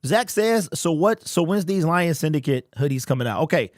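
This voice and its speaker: A man's voice: fairly high pitch, animated, normal speed, no room sound, clean studio sound. A man hosting a casual fan live stream, greeting chat members by name in loose, slangy talk.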